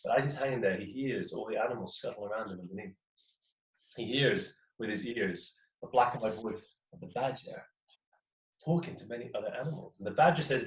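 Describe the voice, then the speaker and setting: Young English storyteller in an echoey room. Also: male voice, on the low side, a little fast. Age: young adult. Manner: playful, chatty, asks listeners questions. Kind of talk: live storytelling to an audience. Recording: echoey room, mic at a distance, faint noise.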